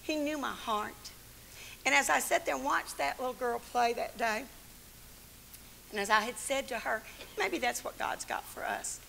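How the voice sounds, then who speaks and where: A middle-aged Southern American woman preaches to a women's church gathering, her fairly high voice gravelly with creak and bright, almost sharp in tone. She tells her story with humor and animation, and a faint hiss sits under the recording. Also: normal speed, pauses often, rough recording. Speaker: women's ministry speaker. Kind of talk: storytelling sermon. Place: church hall.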